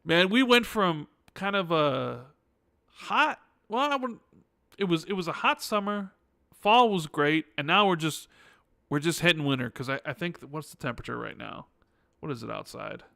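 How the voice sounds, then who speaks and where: Male podcast host, sarcastic and chatty, gravelly edge, dry close sound. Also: a little high, animated, moderate pace, bright, forceful tone, no room sound. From United States. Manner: joking, sarcastic, with frequent restarts. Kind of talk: casual chat.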